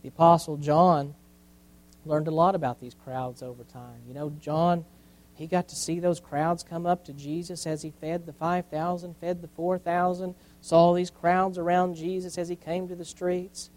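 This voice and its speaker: A man preaching a sermon as a pastor, repeating key phrases and dropping from loud emphasis to near quiet. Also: fairly high pitch, little pitch movement, normal speed, poor audio.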